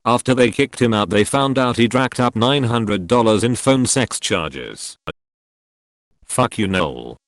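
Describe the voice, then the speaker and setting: A man narrating forum stories in a steady, even scripted read. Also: medium pitch, unhurried, few pauses, no echo.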